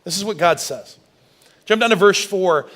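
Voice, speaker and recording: A man giving a sermon as a pastor, animated and full of restarts, reading scripture aloud and growing loud to stress a point. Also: moderate pace. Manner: gets loud and high when stressing a point.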